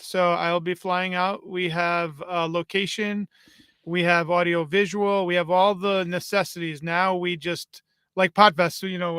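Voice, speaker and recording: Man, conference founder, high bright voice, smooth and clear. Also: dry recording. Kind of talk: casual chat.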